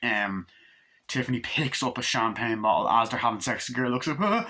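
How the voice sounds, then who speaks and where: A man in his twenties recapping a horror film in a casual, excitable, rambling way, swearing freely. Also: medium pitch, fairly quick. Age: 20s. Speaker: movie reviewer.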